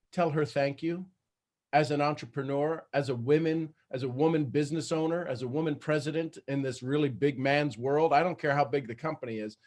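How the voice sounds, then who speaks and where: A man with a slightly raised voice hosts a video call and gives earnest, supportive coaching. He often stops and restarts his sentences as he works out what to say. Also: a little high. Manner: earnest, halting, many restarts. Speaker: host. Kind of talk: motivational coaching talk.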